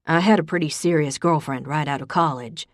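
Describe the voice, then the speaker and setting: Woman narrator voicing a drawling young charmer, teasing, low and dry. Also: fairly quick, dry recording, close to an everyday voice. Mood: earnest.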